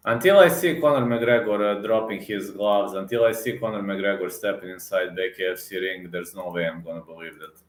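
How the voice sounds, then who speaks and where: A man with a fairly low voice rants heatedly to camera like an MMA reaction vlogger. He circles back to the same points and stresses them again. His voice carries a noticeable echo off the room. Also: brisk. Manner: repetitive, emphatic, many fillers and restarts. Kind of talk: heated casual rant to camera.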